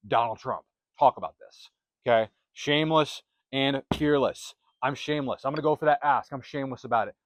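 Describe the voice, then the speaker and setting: A man's voice: medium pitch, a little fast, slight background noise. Emphatic man giving motivational advice. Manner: emphatic and repetitive, punchy short phrases. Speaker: self-help channel host. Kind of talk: motivational talk to camera. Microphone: close microphone.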